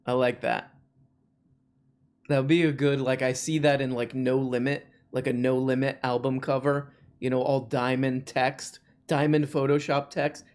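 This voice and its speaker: A livestream host keeps up a casual, rambling chat. The talk is full of jokes and quick asides, in a voice of middling pitch. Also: little pitch movement, a little mellow. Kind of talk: casual live-stream chat.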